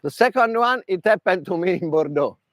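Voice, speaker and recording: An Italian man speaking non-native English with an Italian accent, giving an animated workshop talk as a tennis mental coach, in broken English with demonstrations. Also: high-pitched, fairly quick, no room sound.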